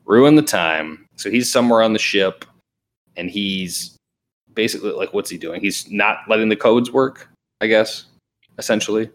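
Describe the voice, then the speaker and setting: Very deep-voiced man, easygoing podcast chat. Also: moderate pace. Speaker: podcast co-host. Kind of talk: casual gaming podcast chat.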